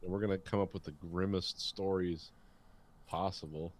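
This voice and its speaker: A man co-hosting a podcast in casual chat, joking in a dry, deadpan way. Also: low-pitched, normal speed. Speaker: podcast co-host.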